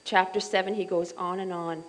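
A woman's voice: fairly low pitch, normal speed, rough recording. Chatty middle-aged woman teaching Bible study. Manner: chatty, animated, with many asides and fillers.

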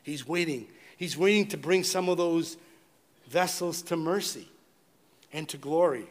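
A man preaching a sermon, rising to loud emphatic peaks and dropping to low, quiet words. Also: measured pace. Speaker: pastor.

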